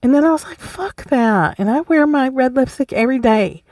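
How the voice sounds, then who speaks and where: A woman's voice: sits high, fast, a little mellow, no room sound, studio quality. A woman hosting a solo podcast, talking bluntly and emphatically, swearing freely and laughing often. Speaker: podcast host. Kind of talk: casual solo podcast talk.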